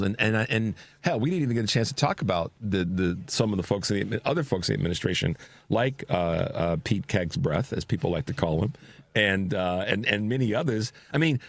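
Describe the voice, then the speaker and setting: Deep-voiced male talk radio host. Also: dry recording. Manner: animated, rising pitch when excited; filler-heavy, restarts.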